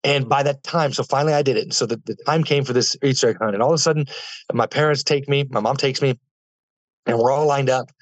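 A man's voice: mid-range voice, quick pace, no echo. A young man in an interview, telling his life story earnestly with many fillers and restarts. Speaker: guest. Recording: dull lo-fi dry sound.

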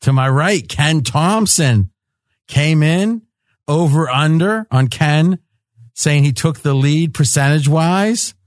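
A man's voice: a little high, lively intonation, slow pace, no echo, clean studio sound. A man hosting a sports betting roundtable podcast, teasing his guests and laughing often. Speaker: podcast host.

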